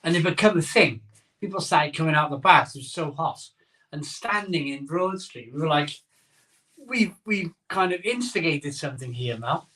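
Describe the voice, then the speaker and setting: A man's voice: fairly high pitch, expressive, normal speed, sharp tone. Chatty man hosting a live stream. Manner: chatty, jokey, sleepy and yawning. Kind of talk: casual live chat reading viewer comments. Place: home conservatory. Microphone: phone camera.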